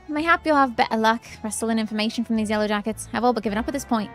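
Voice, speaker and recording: A self-important young scholar who rambles on in prim, formal speech, as a woman reads her out from a fantasy game. Her voice sits fairly high, with faint music in the background. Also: quick pace, close to an everyday voice. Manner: long-winded, prim and formal.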